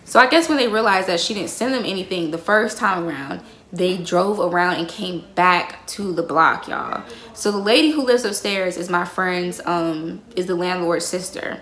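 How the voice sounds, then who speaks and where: A woman's voice: on the low side, moderate pace, fairly bright tone. A young woman telling a heated, profanity-laced story to her viewers, calling them y'all. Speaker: vlogger. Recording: roomy echo.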